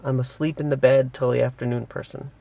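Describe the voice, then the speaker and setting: A young-sounding man talking to camera from his car, rambling and poking fun at himself. His pitch sits in an ordinary middle range. A steady hum of noise runs under the recording. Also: quick pace, creaky. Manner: rambling, jokey and self-mocking. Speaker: vlogger. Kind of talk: casual vlog chat.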